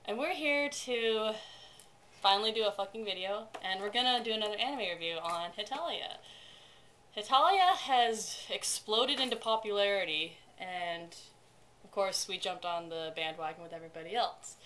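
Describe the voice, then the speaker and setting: A woman's voice: mid-range voice, lively intonation, moderate pace, sharp tone, slight background noise. A woman co-hosting a casual anime review in a chatty, rambling way, swearing now and then. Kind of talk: casual co-hosted review chat.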